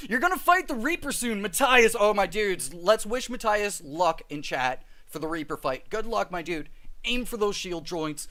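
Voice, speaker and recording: A man's voice: sits high, animated, moderate pace, pushed and bright. A man live-streaming a game, chatting with his viewers, reading their comments aloud and often laughing.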